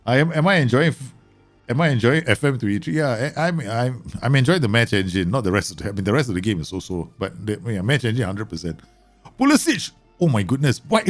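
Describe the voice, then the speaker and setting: A man commentating live on a football management game, excitable and teasing, bursting into exclamations. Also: mid-range voice.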